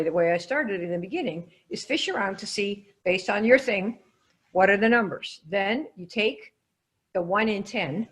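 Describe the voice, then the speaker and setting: An energetic woman leads a live online coaching class. She quizzes her listeners and calls on them by name, keeping the pace brisk and engaging. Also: medium pitch. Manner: lively, quizzing the audience. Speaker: sales trainer.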